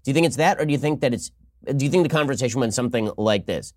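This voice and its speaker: A man delivering fast, sarcastic political commentary from a close studio mic, sometimes acting out mock phone calls. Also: medium pitch, expressive, a little mellow, no echo. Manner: rapid-fire, sarcastic, acts out mock dialogues.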